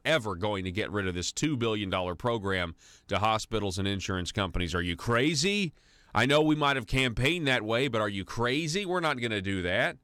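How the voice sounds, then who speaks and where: A man's voice: on the low side, fairly bright tone, dry recording. A man hosting a conservative talk radio show, delivering an indignant, sarcastic monologue full of restarts into a studio microphone. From United States.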